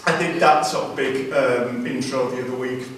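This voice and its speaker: A man's voice: mid-range voice, fairly even intonation, normal speed, a bit bright, slight background noise. A man doing a rambling, self-deprecating stand-up routine on a comedy club stage. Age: 40s. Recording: very echoey room, from far off.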